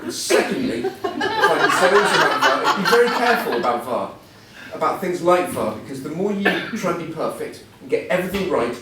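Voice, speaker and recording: A man's voice: on the high side, sing-song, fairly quick, hardly any pauses, very noisy. A middle-aged man giving a chatty, self-deprecating talk as a guest speaker, telling anecdotes to an audience. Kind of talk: after-dinner style motivational talk. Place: large event hall before an audience. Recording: echoey hall, voice from far off. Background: audience laughter.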